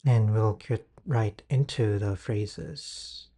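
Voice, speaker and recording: Slow, mellow-voiced man guiding a meditation. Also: on the low side, slightly rough. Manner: gentle, instructive, long pauses between phrases. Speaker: guided healing session leader.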